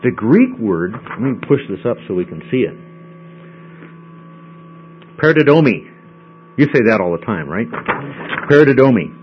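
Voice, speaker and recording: A man's voice: medium pitch, big pitch swings, normal speed, pauses often. A man teaching a Bible study in a conversational way, often checking in with the class. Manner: conversational, checks in with frequent "okay?". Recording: dull lo-fi recording with mains hum.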